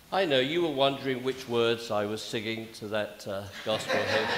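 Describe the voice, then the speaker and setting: A man's voice: mid-range voice, steady tone, moderate pace, hardly any pauses, background noise. A man with a British accent preaching a sermon, with wry humorous asides. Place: church sanctuary. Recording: echoey church from a distance.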